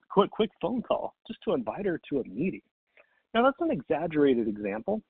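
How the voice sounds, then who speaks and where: Husky man telling a sales story. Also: fairly high pitch, no room sound. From Texas. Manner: animated, acts out both sides of phone calls. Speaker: network marketing speaker. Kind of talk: motivational storytelling. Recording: tinny phone-like audio.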